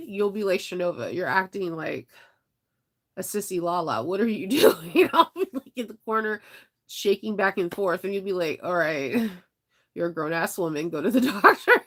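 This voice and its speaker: A woman's voice: mid-range voice, moderate pace. Congested, chatty woman live-streaming. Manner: animated, laughing, talks to chat by name. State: congested with a sinus infection. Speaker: vlogger reading live chat. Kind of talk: casual live-stream chat.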